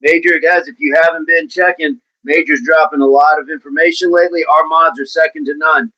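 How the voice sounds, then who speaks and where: Man, fitness livestream host, chatty and playful, a bit high-pitched, dull lo-fi sound. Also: steady tone, brisk. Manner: upbeat, chatty, playful shout-outs to viewers. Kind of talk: casual livestream chat, reading out viewer comments.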